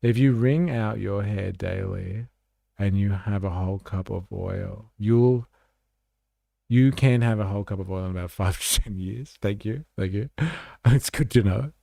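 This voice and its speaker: A man's voice: lowish voice, a little slow, vocal fry, mellow, no room sound, clean studio sound. A man hosting a casual livestream, chatting back to comments and saying "like" a lot. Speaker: livestream host.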